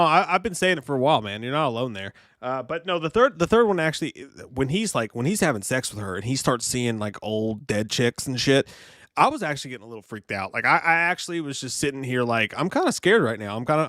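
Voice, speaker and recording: A man co-hosting a casual movie review show, swearing freely and retelling scenes with animated, acted-out quotes. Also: medium pitch, quick pace, no room sound, clean studio sound. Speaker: podcast co-host.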